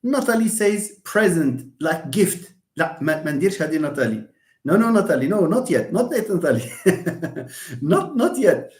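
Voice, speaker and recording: A teacher giving a live online English lecture. They speak patiently and chattily, laugh easily, answer students by name, and draw words out slowly to count syllables. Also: mid-range voice, big pitch swings, a little mellow, roomy sound.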